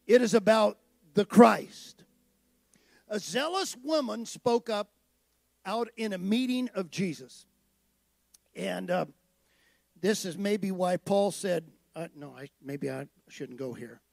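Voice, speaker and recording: Male preacher, gravelly, high-pitched, emphatic, dry close sound. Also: animated, slow, a little mellow, no echo. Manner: conversational preaching, rising to emphatic declarations. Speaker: pastor. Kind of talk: sermon.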